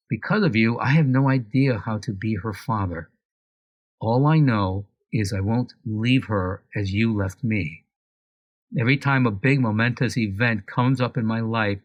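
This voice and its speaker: A man reading a personal letter aloud, slowly and with sorrow, as a podcast co-host. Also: fairly low pitch, dry recording.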